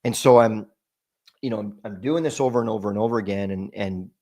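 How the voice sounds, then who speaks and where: A man with a fairly low voice, speaking as a guest in an interview. He tells a heartfelt personal story in a halting way, often restarting and repeating words as he gathers his thoughts. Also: dark tone. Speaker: podcast guest.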